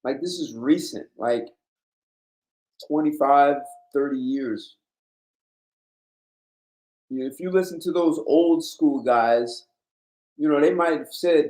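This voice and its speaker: A man's voice: on the high side, slow pace, long pauses, darkish tone. Blunt lecturing man, roomy echo. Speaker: host. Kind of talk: casual monologue.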